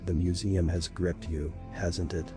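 Guy doing a scared old curator, thick shaky voice, real low and flat. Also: measured pace, music in the background. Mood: pleading. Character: stout older male museum curator, frightened.

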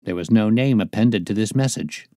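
A man reading a classic detective novel aloud as storyteller, in measured, descriptive narration. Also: on the low side, warm tone, dry recording, studio quality.

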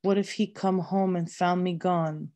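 Storybook role: a grief-crazed, cold, commanding mother, read by a woman, slow and low. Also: fairly even intonation, dark tone, close to an everyday voice. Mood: desperate. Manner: harsh, cold insistence.

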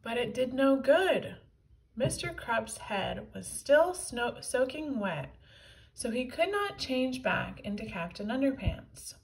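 A woman reading a children's book aloud in a clear storytelling manner. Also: fairly high pitch, very animated, slow pace, distant mic, rough recording.

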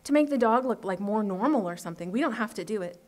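A woman reading aloud and voicing a scared young boy with a hurt eye, hushed and whining. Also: mid-range voice, lively intonation, quick pace, lightly acted. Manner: hushed, whining, often whispered.

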